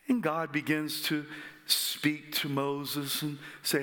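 A man preaching a sermon, telling the story dramatically with sudden drops to a whisper and bursts into shouts. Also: medium pitch, steady tone, moderate pace.

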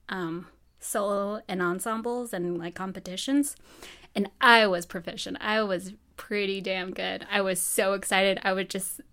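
A woman's voice: medium pitch, fairly bright tone, clear, resonant tone. Chatty young woman telling her story. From New Mexico. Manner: chatty, many fillers, acts out quoted dialogue. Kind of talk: casual personal storytelling.

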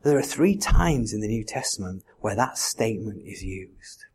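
A man's voice: fairly low pitch, expressive, moderate pace, darkish tone, a little hiss or hum. A man preaching a sermon in a conversational way, full of rhetorical questions. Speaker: pastor.

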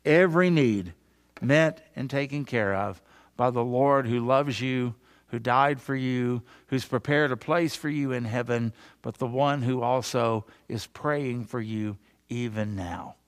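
A man preaching a sermon, earnest, rising on key phrases and dropping to a soft hush near the end. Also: medium pitch, unhurried.

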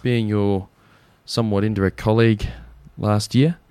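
A man's voice: lowish voice, steady tone, normal speed, dark tone, clear, resonant tone, no echo. A young Australian man hosting a community radio show, chatting casually and jokily with plenty of fillers. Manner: chatty, jokey, rambling with fillers.

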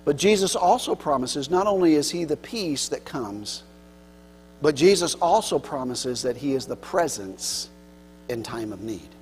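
A man pastor preaching a sermon earnestly, swinging between loud emphasis and soft, low passages. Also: lively intonation, measured pace. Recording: long hall reverb with mains hum.

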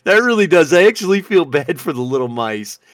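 A man's voice: on the high side, fairly quick, dry recording, clean studio sound. A man co-hosting a casual podcast, reading out odd news stories and reacting with lots of laughter. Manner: animated, laughs often, reads news stories aloud. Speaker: podcast co-host.

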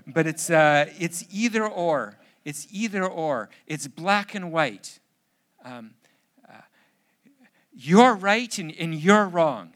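A man's voice: on the high side, animated, slow, fairly bright tone. A middle-aged man preaching as a pastor, telling funny family stories and acting out their voices. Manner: humorous storytelling, acts out family voices. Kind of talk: sermon.

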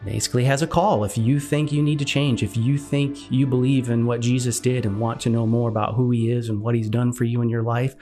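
A man's voice: medium pitch, brisk, hardly any pauses, faint music behind. A man earnestly recounting a personal faith story, acting out the dialogue as he goes. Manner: earnest, animated retelling with quoted dialogue. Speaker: guest sharing testimony.

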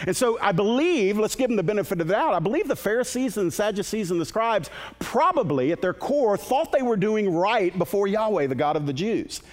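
A man's voice: high-pitched, very animated, a little fast, few pauses, darkish tone, in a large hall. A male pastor preaching a sermon in a conversational, emphatic way, with asides to the congregation.

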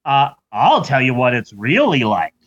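A man's voice: medium pitch, wildly swooping pitch, measured pace, voice pushed down. Man doing a boastful convict, confiding tone, dull muffled recording. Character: cocky male prisoner, boastful.

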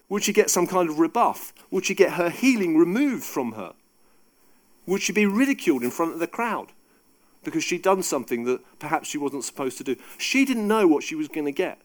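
A man preaching a sermon in an animated, conversational and emphatic way. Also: fairly high pitch.

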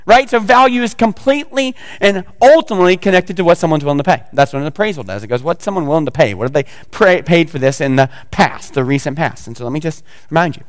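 High-voiced man preaching a conversational sermon. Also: in a large hall. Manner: conversational, joking asides to the congregation. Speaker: pastor.

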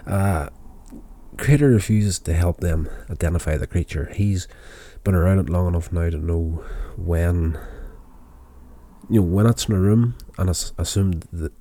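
Deep-voiced tired man rambling through a recap. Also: unhurried, mellow. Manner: rambling, many fillers and restarts. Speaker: show recapper. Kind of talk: casual episode recap.

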